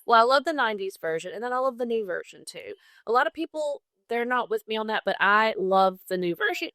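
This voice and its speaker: A woman's voice: on the high side, animated, fast talker, a bit bright, no echo, clean studio sound. A young woman with a Southern accent, casually telling a folklore story on a podcast and laughing often. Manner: chatty, laughs often, enthusiastic about folklore. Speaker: guest co-host.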